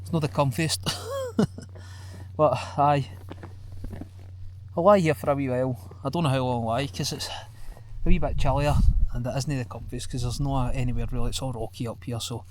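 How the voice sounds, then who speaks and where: A Scottish man chatting casually while hiking outdoors on a mountain ridge, out of breath and relaxed. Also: medium pitch, normal speed, slight background noise. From Scotland. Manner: relaxed and chatty, says wee and aye often. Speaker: hiking vlogger. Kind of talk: casual outdoor vlog narration.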